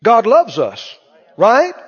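Emphatic high-voiced male preacher. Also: huge pitch swings, slow pace, slightly rough. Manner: emphatic, with call-and-response questions to the congregation. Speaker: pastor. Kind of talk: sermon. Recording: dull echoey church recording.

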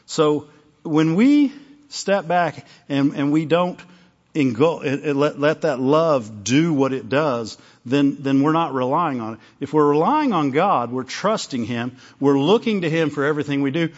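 A man preaching to his congregation, chatty and plainspoken, breaking off mid-sentence and acting out little exchanges. His voice sits a little high for a man. The recording is dull and lo-fi. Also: animated, measured pace. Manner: conversational, self-interrupting, acts out little dialogues. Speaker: pastor. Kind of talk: sermon.

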